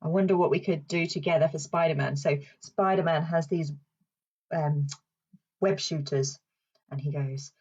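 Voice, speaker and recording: A woman's voice: sits low, fairly even intonation, moderate pace, a little mellow, breathy edge, dull audio. A woman with a British accent, a speech and language therapist leading a children's session in a playful, sing-song way. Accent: British English.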